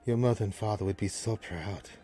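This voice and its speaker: Hushed, kindly old elf priestess for a tabletop game, low and mellow, as a game master puts her on. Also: brisk, soft background music, close to an everyday voice. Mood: tender. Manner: soft, gentle and hushed. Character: tender elderly elf priestess aunt.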